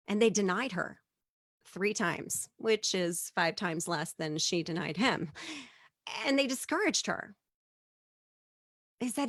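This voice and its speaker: Animated woman telling a stand-up story. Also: slow pace, no room sound, studio quality. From immigrant living in Japan. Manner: animated, acts out quotes with big pitch jumps.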